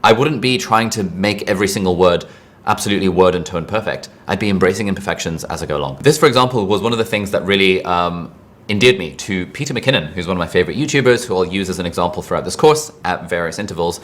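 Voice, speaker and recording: A man's voice: sits low, expressive, quick pace, a bit bright. A man teaching an online lesson in a casual, chatty way, full of asides and fillers. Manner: chatty, rambling asides, frequent "like". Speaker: online course instructor.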